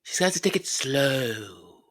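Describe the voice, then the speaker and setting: A woman hosting solo royal commentary, sarcastic and mocking, who mimics others in quick quoted asides and repeats words for effect. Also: very deep voice, lively intonation.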